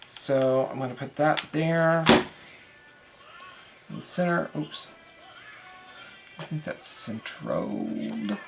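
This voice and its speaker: A man's voice: medium pitch, vocal fry. A man talking casually through a craft tutorial, rambling with lots of fillers and restarts.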